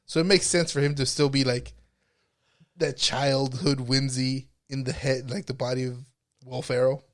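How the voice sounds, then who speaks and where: A man talking casually with friends on a podcast, working through long explanations full of "like" and restarts. His pitch sits in an ordinary middle range. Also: flat delivery, moderate pace. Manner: explains at length with many fillers. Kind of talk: casual chat.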